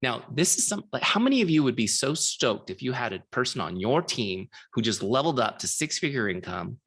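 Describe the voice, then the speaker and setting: A man's voice: medium pitch, very animated, a little fast, fairly bright tone, husky. A middle-aged man giving a casual live training, telling a story and often checking in with his listeners. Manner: casual, chatty, frequent "like" and rhetorical checks.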